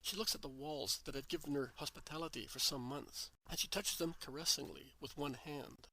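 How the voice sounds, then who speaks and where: A man narrating a devotional story in a slow, gentle, reverent reading. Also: a little high, no echo, poor audio.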